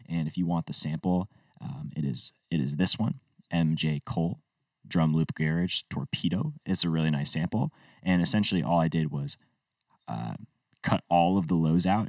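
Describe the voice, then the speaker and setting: A man's voice: a bass voice, no room sound, clean studio sound, distant mic. A man and music producer talking through a tutorial step by step in an easygoing way. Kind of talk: screen-recorded tutorial walkthrough.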